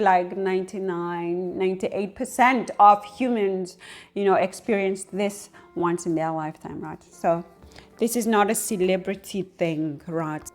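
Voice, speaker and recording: A woman hosting her own astrology channel, talking in a rambling, casual monologue full of fillers and rhetorical asides. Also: medium pitch. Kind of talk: casual unscripted video monologue.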